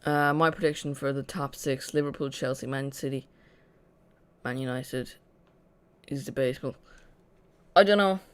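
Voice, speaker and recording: A host talks through a live football match for viewers following along, in a loose, unscripted flow. The voice sits at an ordinary middle pitch, and sentences often restart midway. Dry, sarcastic asides land between the match talk. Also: normal speed, smooth. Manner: chatty, self-correcting, dry sarcasm.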